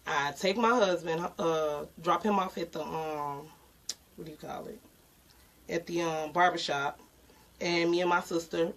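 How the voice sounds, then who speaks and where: A young woman telling a personal story in a casual, halting way with many pauses. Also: on the low side, low-quality recording. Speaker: podcast co-host.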